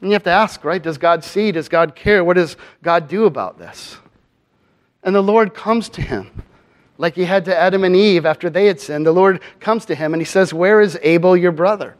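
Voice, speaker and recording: Pastor guy preaching earnestly, keeps asking the crowd questions, kinda high voice. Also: expressive, moderate pace. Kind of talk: sermon.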